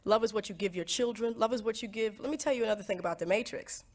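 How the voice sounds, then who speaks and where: A woman speaking reflectively in an interview clip, often halting and repeating words. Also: mid-range voice. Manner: halting, repeats words, lively when quoting herself. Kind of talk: reflective personal talk.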